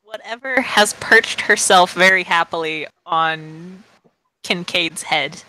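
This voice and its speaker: A woman chatting casually and playfully while playing a tabletop role-playing game, rambling and excitable. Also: on the low side, slow pace, rough recording. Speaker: player in a tabletop role-play. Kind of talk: casual in-character role-play chat.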